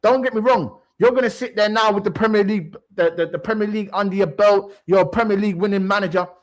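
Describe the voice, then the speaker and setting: A man's voice: sits high, fast talker. A man, co-hosting a football talk show in a heated, casual rant, emphatic and repetitive, swearing freely.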